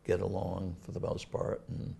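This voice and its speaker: An older man from Massachusetts, a town administrator, speaks in a casual local TV interview. His voice is very low and flat, husky and gravelly, and his delivery is halting, full of fillers and restarts.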